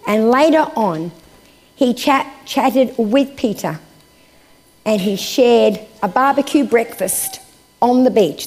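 A woman preaching a sermon and reading scripture aloud, her voice lifting for emphasis and then dropping to hushed, slow phrases. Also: on the high side.

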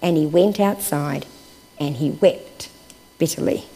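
A woman whose voice sits low and sounds slightly rough preaches a sermon, reading scripture aloud. She builds up for emphasis, then falls back to slow, hushed words.

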